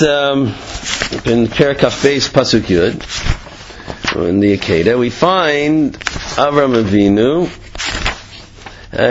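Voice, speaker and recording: A man's voice: mid-range voice, muffled recording. A man giving an informal Torah class, telling jokes and asking many rhetorical questions, with frequent fillers. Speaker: Torah teacher.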